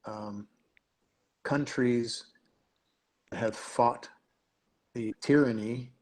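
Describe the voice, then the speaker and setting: A man from Canada talking in a relaxed, theorizing way in a casual online chat. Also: mid-range voice, very slow.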